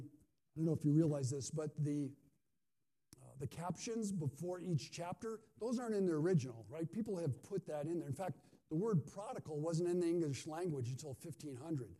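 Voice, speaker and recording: A man's voice: on the high side, warm tone. A male pastor giving a conversational sermon, often asking his listeners questions. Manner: conversational, asks the audience questions.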